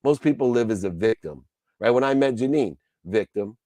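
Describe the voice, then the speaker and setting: Male motivational speaker, emphatic and preachy, with a mellow mid-range voice. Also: mid-range voice, expressive, moderate pace, dry recording. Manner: emphatic and preachy, with repetitive lists. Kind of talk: motivational speech.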